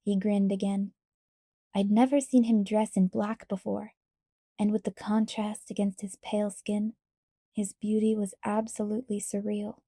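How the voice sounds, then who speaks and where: A woman reading a novel aloud in quiet, even first-person narration. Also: medium pitch, normal speed, no echo, studio quality. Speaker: audiobook reader.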